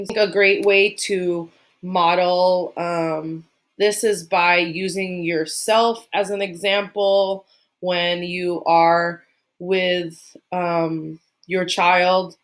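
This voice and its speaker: A young adult woman teacher explaining in a casual, relaxed way, with many "um" and "like" fillers. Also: lowish voice. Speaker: special education teacher. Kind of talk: casual instructional talk.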